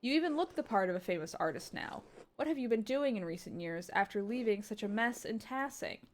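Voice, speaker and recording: A woman's voice: medium pitch, expressive, a little hiss or hum, lightly acted. A woman reading as a stern old abbot. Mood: stiffly formal. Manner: formal, measured reading. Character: stern older male abbot, sanctimonious and cold.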